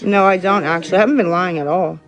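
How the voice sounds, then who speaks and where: A woman's voice: on the low side, fast talker, highs cut off, faint music behind. A woman streaming live, chatting to viewers in a sarcastic, profane, rambling way. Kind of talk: casual live-stream chat.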